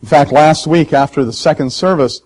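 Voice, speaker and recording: A man who is a pastor, preaching a sermon in an emotional, emphatic way with sharp swings in loudness. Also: fairly high pitch, moderate pace, slightly rough, low-quality recording. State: hoarse.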